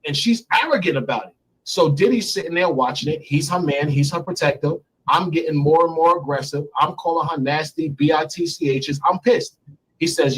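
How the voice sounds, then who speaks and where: A man's voice: on the high side, brisk, breathy edge, poor audio. A man being interviewed remotely, telling a long personal story in a blunt, emphatic way and repeating words for stress. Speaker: interview guest.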